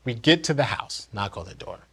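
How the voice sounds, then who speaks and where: Earnest husky-voiced man telling a story. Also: lowish voice, expressive, brisk, fairly bright tone. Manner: earnest, candid, reflective. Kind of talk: personal story told in one take.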